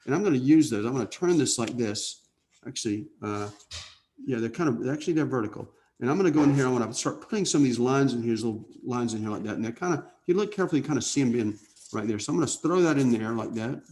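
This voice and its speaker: A man teaching an airbrush painting lesson in a relaxed way, thinking out loud and often checking in with "okay?". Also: medium pitch, fast. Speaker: art instructor. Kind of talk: casual painting demonstration.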